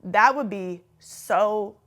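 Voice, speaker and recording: A young woman from California hosting her own show, delivering a playful, animated comedic monologue. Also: medium pitch, drawn-out words. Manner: playful, animated, breaks into impressions. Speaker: host.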